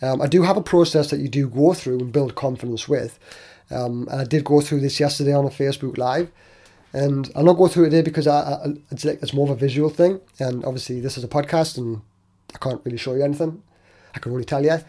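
A man's voice: mid-range voice, fairly even intonation, quick pace, warm tone. A man hosting a solo motivational podcast, talking earnestly and often repeating himself or restarting his sentences. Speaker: podcast host.

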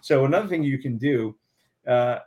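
A man's voice: medium pitch, animated, moderate pace, mellow. A man speaking as a guest on a talk show, giving earnest, emphatic motivational advice and repeating affirmations.

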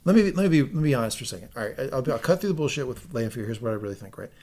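Animated man recapping a TV episode. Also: mid-range voice, racing. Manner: animated, profane, quoting dialogue. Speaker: podcast co-host.

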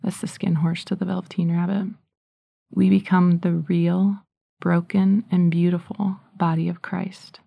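A woman's voice: on the low side, little pitch movement, unhurried, vocal fry, dark tone, no echo. A woman giving an earnest Catholic reflection on offering up suffering, sometimes dropping to a whisper. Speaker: Catholic speaker. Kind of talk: spiritual reflection.

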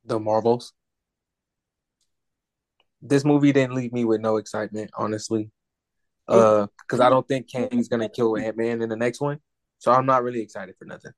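Laid-back teasing co-host, mid-pitched man, dry close mic. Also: steady tone, normal speed, pauses often, no room sound. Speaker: podcast co-host. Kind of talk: casual chat.

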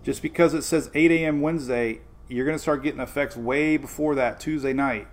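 A man's voice: on the high side, fairly even intonation, a little fast. A man hosting a casual live weather update, talking directly to his viewers in a chatty, informal way and often repeating himself. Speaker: weather show host.

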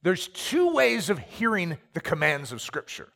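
Animated man preaching in a reverberant hall. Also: high voice, a little slow, gravelly. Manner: animated storytelling with acted asides. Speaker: pastor. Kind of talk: sermon.

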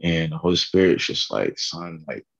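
A tired man with a low, gravelly, animated voice talks at normal speed, though the recording sounds muffled. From his bedroom, in a casual faith vlog, he rambles earnestly about his morning prayer and laughs at himself.

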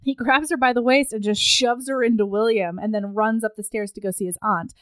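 A woman's voice: a little high, fairly even intonation, brisk, a bit bright, dry recording. A woman co-hosting a casual book chat, retelling plot points with gushing enthusiasm. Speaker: podcast co-host discussing a book.

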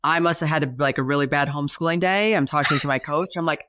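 Woman, 40s, podcast guest, animated storytelling, acts out quotes, dry recording. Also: fast, hardly any pauses, dry recording. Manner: animated, acts out quoted voices with big pitch jumps. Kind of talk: storytelling in a casual interview.

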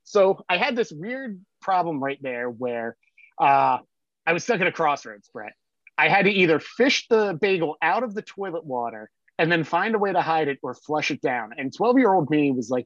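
A man's voice: fairly high pitch, sing-song, moderate pace, a bit bright, no echo, lo-fi sound. A man from South Jersey, a podcast guest, telling stories in a rambling way full of fillers. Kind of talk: casual storytelling.

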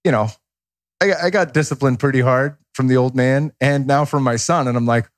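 A man's voice: mid-range voice, a little fast, no room sound, clean studio sound. A man in his thirties, a podcast guest talking casually and candidly, rambling and swearing freely as he acts out quotes. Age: 30s.

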